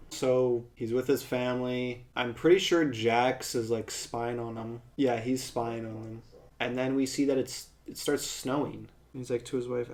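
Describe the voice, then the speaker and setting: A man reviews a film in a relaxed, off-the-cuff way, talking at a mid pitch. He strings his recap together with "like" and "and then," and he swears freely when something irritates him. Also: measured pace. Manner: conversational, says "like" a lot, swears when annoyed. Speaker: movie reviewer. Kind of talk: casual recap and commentary.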